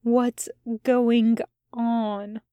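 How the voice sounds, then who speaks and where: A woman voicing a tired, hungover male demon who slurs and speaks slowly in confusion. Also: sits high, dry recording, muffled recording. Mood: confused. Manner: slurred, weary, slow.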